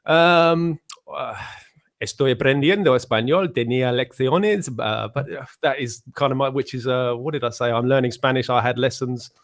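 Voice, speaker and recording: A man's voice: medium pitch, fairly even intonation, moderate pace, a bit bright. A man, chatting casually on a panel call and rambling with lots of fillers. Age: 40s. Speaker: panel guest. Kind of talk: casual chat.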